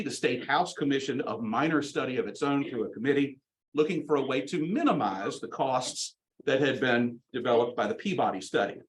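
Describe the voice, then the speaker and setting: A man's voice: medium pitch, poor audio. A man giving a history lecture, stressing key words and dates by repeating them. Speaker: guest lecturer.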